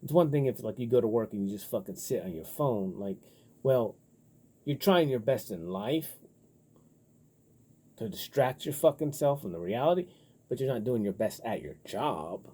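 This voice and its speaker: A vlogger with a very dark, husky voice at medium pitch rambles through a casual monologue at normal speed. His talk is profane and loose, full of filler words, and he gets animated when riled up.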